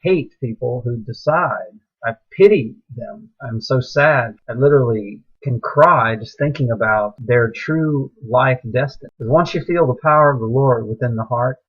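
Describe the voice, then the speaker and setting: A man's voice: mid-range voice, normal speed, few pauses, slightly rough, muffled recording. A middle-aged man delivering an impassioned, preachy monologue that rises into agitated outbursts. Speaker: speaker sharing religious views.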